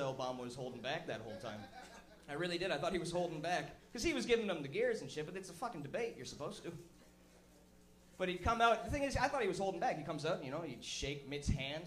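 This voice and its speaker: A man, a comedian host, doing a crude, animated stand-up rant at a live show. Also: high-pitched. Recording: echoey live room.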